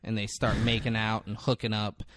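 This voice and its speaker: A podcast co-host recaps a film in casual conversation, acting out quotes excitedly as he retells scenes and swearing freely. His voice is lowish and moderately paced, recorded cleanly in a studio with no room sound.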